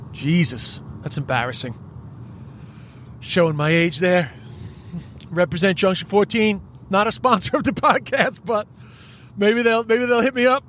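An Irish man hosting a podcast, ranting in a profane, rambling, animated comic style. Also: sits high, a little hiss or hum. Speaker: podcast host. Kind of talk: solo comedic podcast rant.

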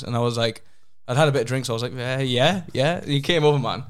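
A young man, telling a rambling story on a casual podcast, his voice jumping up in pitch when he gets excited. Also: quick pace, hardly any pauses, clear, resonant tone. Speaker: podcast co-host. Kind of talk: casual chat.

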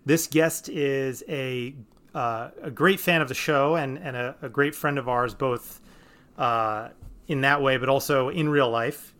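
A man's voice: medium pitch, measured pace, fairly bright tone, smooth. A man hosting a casual podcast, talking in a rambling way with many restarts and fillers. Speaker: podcast host.

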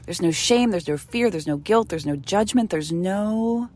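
A middle-aged woman hosting her own podcast, speaking earnestly and from the heart, sometimes dropping to a soft whisper. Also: low-pitched, animated, takes it slowly, slight background noise. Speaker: podcast host. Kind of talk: intimate solo podcast monologue. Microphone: studio microphone.

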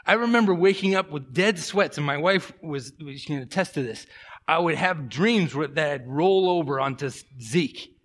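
Male pastor, middle-aged, sermon delivery; animated, lively storyteller who drops to a hush. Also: a little high, normal speed. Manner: animated storytelling, swings from loud to hushed. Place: church.

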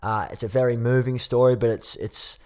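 A man's voice: mid-range voice, steady tone, brisk, a little mellow, clean tone. A man hosting a podcast interview, speaking in a supportive, earnest way with some small stumbles. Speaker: podcast host. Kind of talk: interview conversation.

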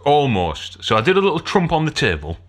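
A man's voice: on the high side, wildly swooping pitch, brisk. A man telling a story in casual podcast chat, swearing and laughing as he goes. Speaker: podcast co-host.

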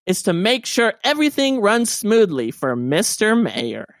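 Dude doing a high fretful sickly teen assistant, eager to please. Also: male voice, very animated, a little slow, no echo, clean studio sound, full character voice. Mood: earnest. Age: 17 (figure). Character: sickly fussy teenage boy assistant.

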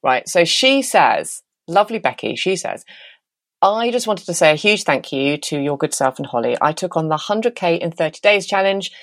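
Chatty Southeast London woman, lively voice. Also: fairly low pitch, moderate pace, no room sound. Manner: chatty, enthusiastic, reads listener emails aloud. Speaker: podcast co-host. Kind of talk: casual chat.

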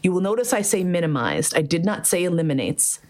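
A woman in casual podcast chat, telling a story in a lively way and swearing often. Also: lowish voice, a little fast. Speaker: podcast host.

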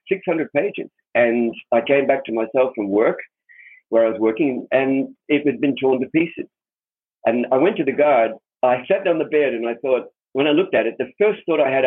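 A man's voice: medium pitch, breathy edge. A man being interviewed as an author, telling a personal story earnestly and with animation, repeating words when he stresses a point. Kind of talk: spoken anecdote, storytelling. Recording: tinny phone-line or radio sound.

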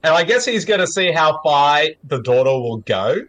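An Australian man co-hosts a casual movie commentary chat. His voice is fairly high for a man and moves through a wide, lively range. He rambles as he talks, leaning on "like". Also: moderate pace. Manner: rambling, lots of "like".

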